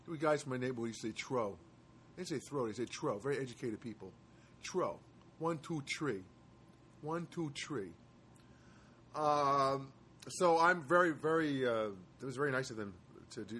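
Man host, mid-pitched, talking loosely to camera in a chatty monologue, rambling with wry asides; faint hiss behind him. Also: animated, normal speed, a bit bright. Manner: rambling storyteller, wry asides, frequent hesitations. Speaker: host of his own live show. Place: studio apartment.

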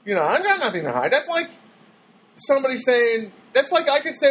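A man's voice: very high-pitched, very animated, brisk, a bit bright, a little hiss or hum, low-quality recording. A man vlogging in a casual, rambling monologue that keeps swinging into exasperated rants.

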